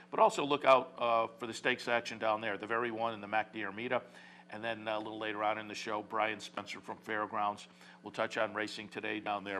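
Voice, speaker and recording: A man's voice: mid-range voice, pushed and bright. A man hosting a horse racing talk show, rambling casually with many fillers and restarts.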